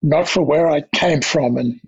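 Older Australian man, gravelly and husky, reflective interview guest, slightly dull recording. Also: on the high side. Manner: anecdotal, measured, with restarts. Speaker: guest, diplomat.

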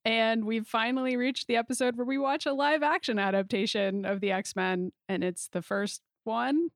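A woman's voice: a little high, normal speed, gravelly, no echo. Chatty woman podcast host, dry close sound. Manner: chatty, laughs easily. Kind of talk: casual podcast chat.

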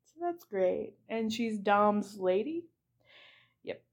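A woman's voice: medium pitch, lively intonation, takes it slowly. A young woman hosting a comedy podcast, recapping a movie in a rambling, giggly way with lots of fillers. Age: young adult. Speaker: podcast host.

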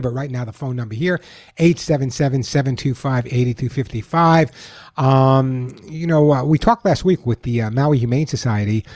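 A man's voice: medium pitch, darkish tone, breathy edge, dry recording, clean studio sound. A man from Long Island hosting a call-in pet radio show, chatty and jokey, often repeating the phone number. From Long Island, New York. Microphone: studio microphone.

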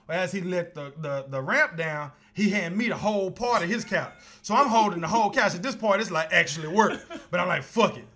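A man co-hosting a podcast, telling a story in casual chat with lots of laughter and sudden high-pitched outbursts. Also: fairly quick, few pauses. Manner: animated, laughing storyteller, voice jumps high when excited. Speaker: podcast co-host.

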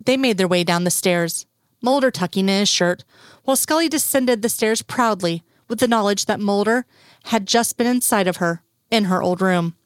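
A woman reads a story aloud at a measured, even pace. Her voice sits at a middle pitch. The recording is dry and close. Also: no echo. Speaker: narrator.

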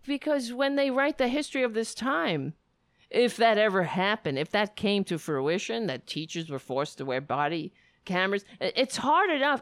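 A woman's voice: a little high, dry recording, studio quality. A woman giving impassioned political commentary in an indignant, ranting manner, restarting her sentences and reading news excerpts aloud between her remarks.

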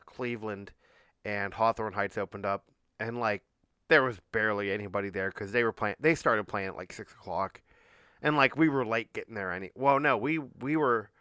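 A man's voice: on the low side, bright, forceful tone, smooth, no echo, studio quality. A man telling a rambling, hesitant story in casual chat.

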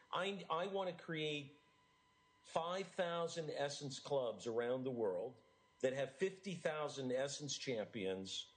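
A middle-aged man from the United States, an author being interviewed, talking in an earnest, animated way with frequent restarts. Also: medium pitch, rough recording. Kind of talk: enthusiastic interview talk.

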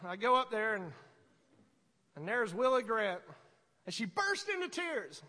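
A man preaching a sermon as pastor, conversational and animated, acting out voices in his stories. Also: sits high, a little slow, in a large hall.

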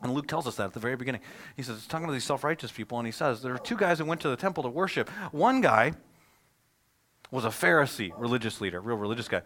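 A man, a pastor, preaching a sermon in a conversational, animated way, telling stories and asking rhetorical questions. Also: mid-range voice, quick pace.

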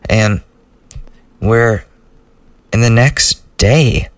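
A man's voice: mid-range voice, drawn-out words, no echo, recorded from a distance. A young man hosting a solo podcast, rambling loosely through a profane personal story in a casual way. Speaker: podcast host.

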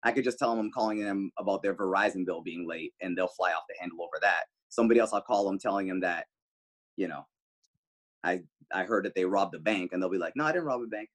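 A male radio host, the guest, telling animated stories casually, swearing freely. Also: fast. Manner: animated, swears freely, jumps pitch for quoted lines. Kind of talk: casual storytelling.

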